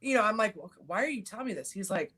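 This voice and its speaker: A woman's voice: mid-range voice, lively intonation, very fast, a bit bright, breathy edge. A middle-aged woman hosts a casual chat in a medium voice. She talks bluntly and swears freely, and she acts out what others said as she tells it. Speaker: podcast host.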